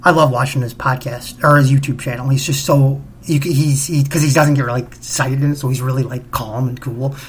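A man hosting a casual solo podcast, rambling and excitable, often repeating himself. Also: mid-range voice, fairly quick, few pauses, a little hiss or hum. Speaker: podcast host.

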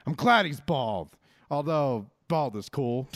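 A man's voice: mid-range voice, lively intonation, slow pace, fairly bright tone, dry recording, studio quality. A man co-hosting a casual wrestling chat, ranting animatedly and swearing freely. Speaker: podcast co-host.

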